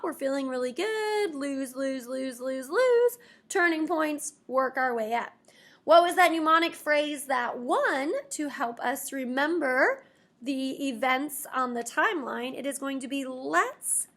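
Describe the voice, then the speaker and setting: Bright, lively woman teacher. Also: high voice. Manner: lively, expressive, playful asides to students. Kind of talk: classroom history lesson.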